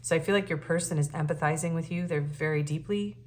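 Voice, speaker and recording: A woman giving a casual, earnest and emotional tarot reading, often pausing on fillers and restarting her sentences. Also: sits low, darkish tone. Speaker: tarot reader.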